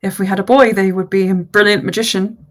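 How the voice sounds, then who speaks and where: A woman's voice: mid-range voice, fairly even intonation, quick pace, natural voice, low-quality recording. Woman voicing a tender young man in love. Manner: warm and dreamy.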